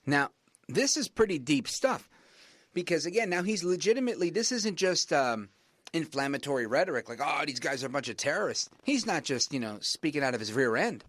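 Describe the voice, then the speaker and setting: A man hosting a talk radio show, delivering an emphatic monologue that keeps rising in pitch to stress his points. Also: sing-song, a little fast, fairly bright tone, no echo.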